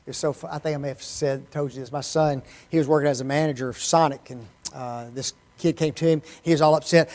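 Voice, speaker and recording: A man with a notably high voice preaches a sermon in a church. He talks in an animated way and keeps throwing rhetorical questions at the congregation. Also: brisk.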